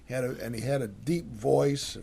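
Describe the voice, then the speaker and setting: A man's voice: mid-range voice, steady tone, normal speed, creaky, mellow, slightly rough. An older American man co-hosting a cooking show, chatting casually with lots of fillers and restarts. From United States. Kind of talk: casual chat.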